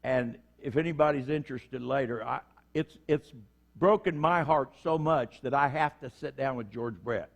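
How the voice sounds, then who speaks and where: A man's voice: medium pitch, moderate pace, vocal fry, muffled recording. A middle-aged man preaching a conversational sermon in church, acting out short quotes as he goes. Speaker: prison minister preaching.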